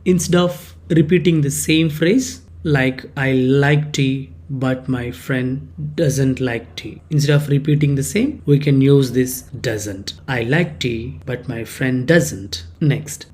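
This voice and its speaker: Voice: mid-range voice, darkish tone. A teacher, explaining grammar patiently and repeating example sentences with stress. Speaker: English teacher.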